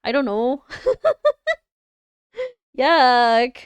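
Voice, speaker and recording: A woman's voice: high voice, huge pitch swings, very slow, clear, resonant tone, no echo. A young woman with a Canadian accent, chatting casually and giggling as she reacts to viewers on a livestream. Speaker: livestreamer reviewing design work.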